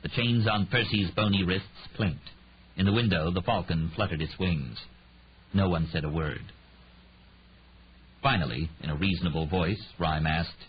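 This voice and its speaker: A man narrating an audiobook in an expressive reading, voicing every character, on a slightly muffled recording with faint hiss. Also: deep voice, unhurried.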